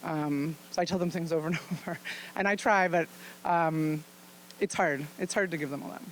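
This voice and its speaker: A woman's voice: low voice, normal speed, slight background noise, poor audio. Frank, chatty woman doctor presenting. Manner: frank and chatty, laughs often. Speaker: physician presenting at a luncheon. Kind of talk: informal presentation to an audience.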